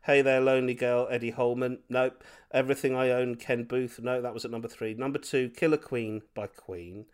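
A man co-hosting a casual music podcast, enthusiastic and quick to laugh, piling on superlatives as he talks through songs. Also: mid-range voice, steady tone. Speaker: podcast co-host.

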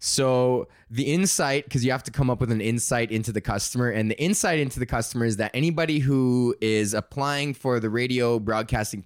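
A young man hosting a casual solo podcast, rambling and swearing as he pitches ideas and laughs at his own jokes. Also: no room sound, clean studio sound. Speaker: podcast host.

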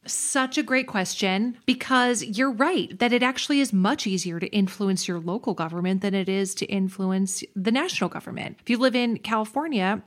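A woman podcast host explaining things in a clear, practical, advice-giving way. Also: medium pitch. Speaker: podcast host answering listener questions. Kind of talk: explanatory casual talk.

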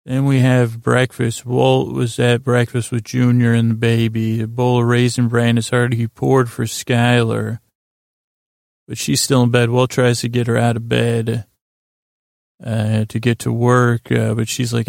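A man hosting a sleep podcast, recapping a story in a rambling, halting way with many fillers. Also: medium pitch, completely flat delivery, creaky, darkish tone, dry recording, studio quality. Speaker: podcast host.

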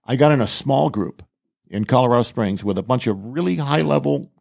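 A man's voice: medium pitch, animated, a little fast, creaky, a little mellow. An older man, a ministry speaker, talking earnestly and with emphasis in a casual podcast chat.

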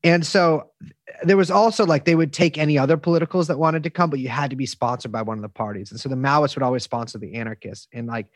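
A man's voice: medium pitch, steady tone, fast talker, dry recording, clean studio sound. A man telling stories as an interview guest, rambling through restarts and fillers and swearing freely. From United States. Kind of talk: casual storytelling interview.

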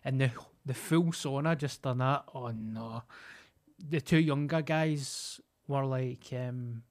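A man's voice: mid-range voice, slow pace. A Scottish man co-hosting a podcast, telling stories in casual chat and acting out what people said. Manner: animated, acts out quotes. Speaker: podcast co-host.

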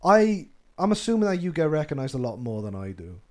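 A man hosting a casual podcast chat, laughing often and letting his voice trail off quietly. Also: fairly high pitch, very animated, a little fast. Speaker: podcast host.

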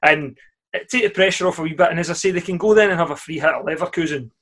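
A Scottish man talks football with his mates on a podcast, chatty and relaxed, swearing freely. His voice sits a little higher than most men's. He laughs easily between points. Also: very fast. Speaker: podcast co-host. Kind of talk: casual football chat.

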